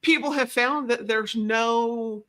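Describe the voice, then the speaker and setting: A woman's voice: fairly high pitch, takes it slowly, fairly bright tone. A woman guest talking casually in an interview, rambling and self-deprecating, often restarting her sentences. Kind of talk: casual conversation.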